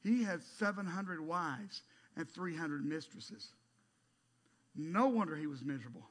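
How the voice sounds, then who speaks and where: A middle-aged male pastor preaches a sermon with animation, moving between loud, emphatic bursts and hushed asides. His voice is a little high, and he keeps a measured pace.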